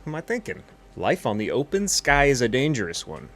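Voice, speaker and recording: A man's voice: medium pitch, very animated, a little fast, fairly bright tone. A man rambling through a cocky, boastful comedy monologue as a pilot character in a flight game.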